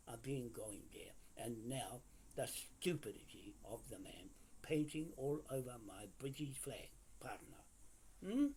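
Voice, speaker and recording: A man's voice: medium pitch, a little mellow, slight background noise. An older man, delivering an indignant, confrontational monologue to camera. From New Zealand. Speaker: video commentator.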